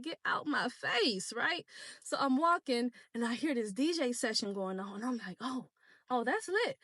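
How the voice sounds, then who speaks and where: Casting a high-voiced young woman, animated and slangy, relaxed storytime vlog, dry close sound. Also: dry recording. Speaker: vlogger. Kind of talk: casual storytime.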